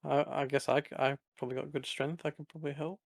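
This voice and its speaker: A man playing a tabletop game who sounds tentative and unsure. His voice has a strong gravelly fry, recorded dry and close. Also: a little high, level tone, quick pace, dry recording. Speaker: player. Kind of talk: casual tabletop play.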